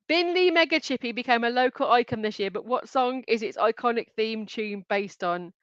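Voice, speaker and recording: A woman's voice: a little high, no echo, dull audio. A woman hosting a live online quiz, reading out answer options and names in a chatty way and giggling often. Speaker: quiz host.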